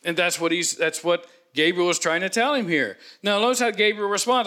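Male pastor, high voice, bright tone, preaching, dramatic delivery. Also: fairly quick. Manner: dramatic, voices the angel with thunderous emphasis. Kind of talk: sermon.

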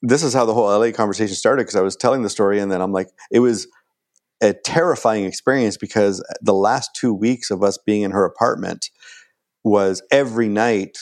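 A man, chatting casually as a guest and telling an animated story. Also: fairly low pitch, brisk. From Canada. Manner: animated storyteller acting out quoted lines.

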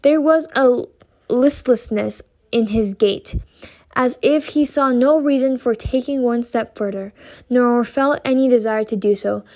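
Female reader, fairly high voice, careful and unhurried novel reading. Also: a little mellow. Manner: slow, careful reading with occasional stumbles. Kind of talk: reading a classic novel aloud.

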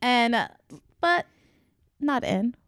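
A woman's voice: fairly high pitch, animated, slow, fairly bright tone, no echo, clean studio sound. Chatty woman podcast co-host. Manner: chatty, giggles often. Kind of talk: casual chat.

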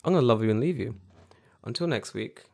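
An excitable man co-hosting a casual podcast. He laughs often and swears freely as he chats, in a voice of middling pitch. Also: quick pace, creaky. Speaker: podcast co-host. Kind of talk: casual chat.

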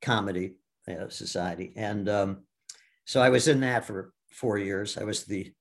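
A man in his seventies from the US Midwest, telling his life story as a guest in a casual interview, halting with many restarts and fillers. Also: on the low side, fairly even intonation, gravelly. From Milwaukee, US Midwest. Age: 70s. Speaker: guest, stage actor.

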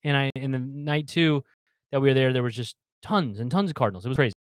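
A thirty-something man recounts a story fast over a casual video call, his medium-pitched voice recorded dry. He keeps restarting and repeating words, playing out the shouting fans with lots of animation.

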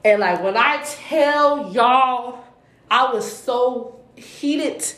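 A young woman tells a story with animated energy. She swears freely and gets worked up. Her voice rings in a roomy space, with a faint hiss behind it. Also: high voice, extremely slow. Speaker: podcast co-host. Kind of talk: casual chat.

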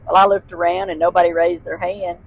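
Husky older Texan woman telling stories. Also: on the low side, flat delivery, brisk, poor audio. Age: 60s. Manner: laughs often, folksy Southern phrasing. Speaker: guest. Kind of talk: casual storytelling chat.

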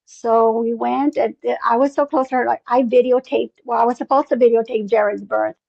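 A woman's voice: fairly high pitch, fairly even intonation, brisk, creaky, no room sound, muffled recording. A woman telling a long personal story in an interview, rambling with many fillers and acting out bits of dialogue. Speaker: interview guest.

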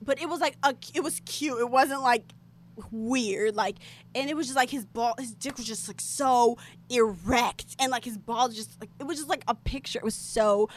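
A young American woman telling a story in casual, animated chat, with lots of filler words and sudden loud outbursts. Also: on the high side, moderate pace. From United States. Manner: animated, chatty, filler-heavy, bursts into shouting.

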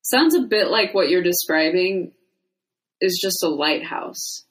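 A woman co-hosting a podcast, dry and teasing, quick to laugh. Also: lowish voice, lively intonation, fairly bright tone, rough recording. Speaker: podcast co-host. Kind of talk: casual comedic chat.

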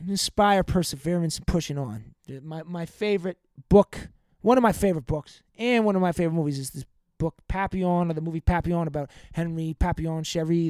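A young man with a fairly high voice hosts his own podcast and rambles through a profane, heartfelt rant. The sound is dry and close to the mic, with no room around it. He talks casually and now and then breaks off to greet listeners by name. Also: a little mellow, clear, resonant tone, no room sound. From United States. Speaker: podcast host. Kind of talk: casual venting monologue.

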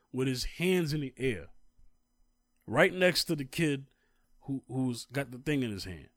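A man's voice: medium pitch, lively intonation, a little slow, long pauses, a bit bright, no room sound. Emphatic man telling a story, dry sound. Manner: storytelling, grows heated and emphatic. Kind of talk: casual conversation.

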